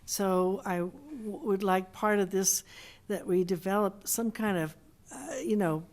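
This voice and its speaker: A woman council member at a city council meeting, talking in a halting way with many restarts and slowing down to read from a text. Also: medium pitch, a little mellow. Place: council chamber.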